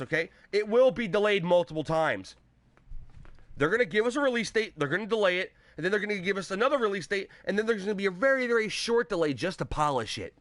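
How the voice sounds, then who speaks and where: A man hosting a live gaming show on a headset mic, ranting angrily with constant swearing and bursts of shouting. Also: high-pitched, no room sound. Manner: angry, profane, shouting at times.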